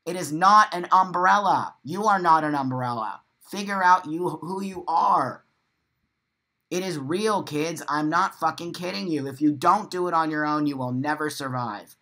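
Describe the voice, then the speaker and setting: A man's voice: fairly high pitch, measured pace, bright, forceful tone, poor audio. A man hosting a live morning show, talking straight to his viewers in an impassioned monologue. He is emphatic and blunt, swears freely, repeats phrases for stress and laughs between points.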